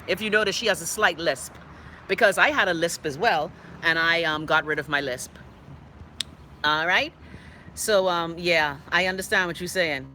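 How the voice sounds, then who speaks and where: A woman's voice: on the low side, normal speed, long pauses, pushed and bright, slight background noise. A Bahamian woman hosting a live online show, chatting casually and outspokenly as she reads viewer comments aloud. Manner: chatty and outspoken, with playful dialect asides. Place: indoors.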